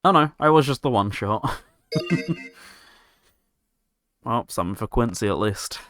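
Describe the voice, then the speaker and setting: A man's voice: mid-range voice, animated, unhurried. A man giving wry, chatty commentary while playing a video game, chuckling to himself now and then. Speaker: let's play host. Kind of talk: gameplay commentary. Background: loud game music.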